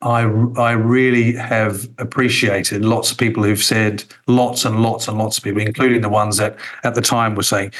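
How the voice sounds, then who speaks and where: Reflective man, low voice. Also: steady tone, normal speed, fairly bright tone, rough recording. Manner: reflective, frequent ums and restarts. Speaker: interview guest, former radio executive. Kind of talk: conversational interview.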